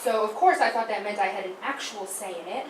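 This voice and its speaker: Woman, animated storyteller, roomy room, noisy background. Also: mid-range voice, fast. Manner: animated, acts out big moments. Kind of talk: personal storytelling. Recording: roomy, distant mic, background noise.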